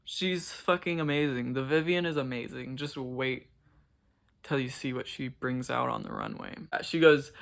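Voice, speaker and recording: A man's voice: fairly high pitch, normal speed, gravelly, a bit bright. A man giving casual, gushing reaction commentary to a show, swearing and saying "like" a lot. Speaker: reaction vlogger.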